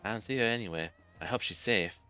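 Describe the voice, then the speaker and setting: A man's voice: lowish voice, fast talker, pushed and bright. A man giving wry, chatty commentary while playing a game. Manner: wry, chatty, self-mocking. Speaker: gamer. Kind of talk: casual let's play commentary. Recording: muffled with faint game music.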